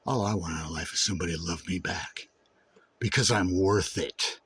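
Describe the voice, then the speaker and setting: A vlogger delivers a raw, intense personal monologue to camera, swearing heavily. His slightly rough voice sinks low and brooding, then climbs into shouts, all at a moderate pace.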